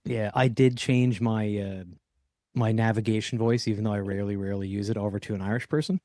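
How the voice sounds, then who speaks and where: Low-voiced chatty man, dry sound. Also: steady tone, fairly quick, warm tone, no echo. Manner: chatty, rambling, joking. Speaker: podcast co-host. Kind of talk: casual chat. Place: job trailer.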